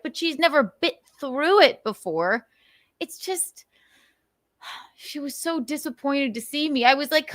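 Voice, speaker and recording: A woman's voice: high voice, unhurried, dry recording. Woman streamer rambling and cussing, lots of laughing, swoopy voice, dry close sound. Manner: animated, profane and laughing storyteller. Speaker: livestream host. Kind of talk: casual livestream chat.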